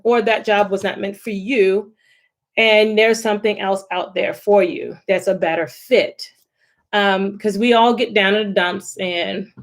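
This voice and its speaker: Woman giving encouraging self-help advice. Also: medium pitch. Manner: encouraging, conversational, many "you know" fillers. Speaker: stress management speaker. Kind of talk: informal self-help talk.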